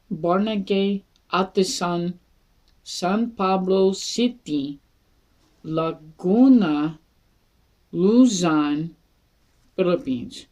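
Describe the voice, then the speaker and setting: An unhurried, easygoing voice from Philadelphia walks through a casual wine review. The reviewer chats and jokes along the way, taking plenty of time between thoughts. The pitch sits in a middle range for the speaker. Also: a little mellow. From Philadelphia, USA. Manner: chatty, jokey, self-deprecating, with laughs. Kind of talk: casual product review vlog.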